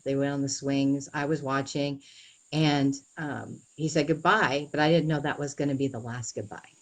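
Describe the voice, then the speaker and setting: A young adult woman with a notably low voice speaks in an interview. She tells her own story earnestly and haltingly, often pausing, restarting and filling gaps with "you know". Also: darkish tone, low-quality recording.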